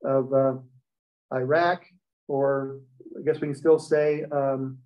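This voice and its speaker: A man's voice: medium pitch, level tone, slow pace. A man teaching a Hebrew class, explaining step by step and checking in with the students. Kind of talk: classroom lecture. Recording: dull lo-fi recording.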